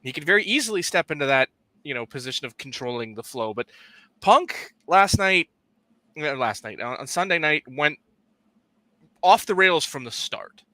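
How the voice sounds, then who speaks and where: A man's voice: a little high, sing-song, moderate pace, sharp tone, no room sound. A man co-hosting a podcast, talking animatedly and emphatically in casual chat, with many restarts. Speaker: podcast co-host.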